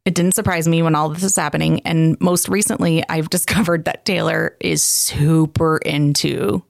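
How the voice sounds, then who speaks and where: A middle-aged woman co-hosting a podcast, telling stories in a casual, animated way with frequent laughs. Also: deep voice, normal speed, creaky, dry recording, clean studio sound. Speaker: podcast co-host. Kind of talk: casual chat.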